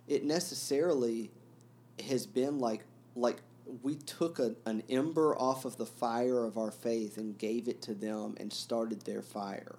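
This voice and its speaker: A man co-hosting a casual book discussion, earnest and halting, with many restarts as he thinks aloud. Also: medium pitch, darkish tone.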